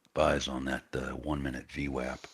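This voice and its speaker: A man's voice: rumbling low, flat delivery, normal speed, a bit bright, husky, no echo. A man co-hosting a live day trading stream, laid-back, with short remarks and folksy phrasing. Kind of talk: casual live-stream chat.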